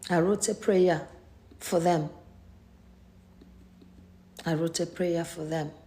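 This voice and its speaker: Gravelly grieving Nigerian-born woman. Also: fairly low pitch, steady tone, dark tone. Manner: earnest, pleading, halting. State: grieving and stressed. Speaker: host of a faith live stream. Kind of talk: live stream talk. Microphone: computer mic.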